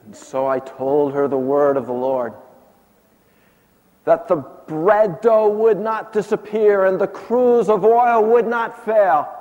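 A man performing a first-person monologue as an aged male prophet, shifting between hushed and impassioned delivery. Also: high-pitched, slow pace, muffled recording. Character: aged male prophet recounting his miracles. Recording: long hall reverb.

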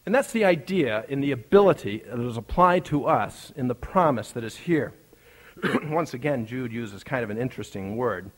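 A man's voice: mid-range voice, animated, moderate pace. A male preacher telling a personal story in a conversational sermon, building up to emphatic, rising lines.

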